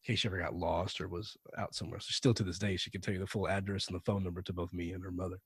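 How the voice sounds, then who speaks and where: A man being interviewed on a podcast, telling anecdotes in a relaxed, conversational way and animating the voices of people he quotes. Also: low-pitched, very fast, breathy edge, dry recording. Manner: anecdotal, animated when quoting others. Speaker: podcast guest. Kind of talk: conversational storytelling.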